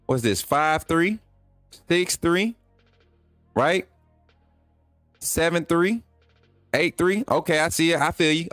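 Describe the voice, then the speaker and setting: A man's voice: a little high, slow, pauses often, fairly bright tone, no room sound, soft background music. A man, hosting a live sports stream in a chatty way, repeating himself and talking straight to his viewers. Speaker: sports channel host.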